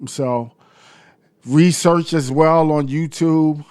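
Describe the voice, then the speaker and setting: A middle-aged man with a New York-area accent, a guest answering interview questions calmly in casual chat. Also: fairly high pitch, slow pace, smooth, no room sound, clean studio sound. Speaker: guest, hip-hop artist.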